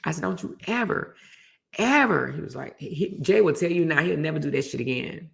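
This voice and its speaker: A woman hosting a casual chat show, telling a story with animated energy and reading out viewer comments. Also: low-pitched, quick pace, vocal fry. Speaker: host.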